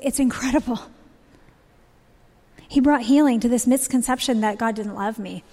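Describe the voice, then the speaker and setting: Woman, 30s, church testimony, earnest and heartfelt, slightly high voice, long hall reverb. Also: darkish tone. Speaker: speaker sharing a testimony.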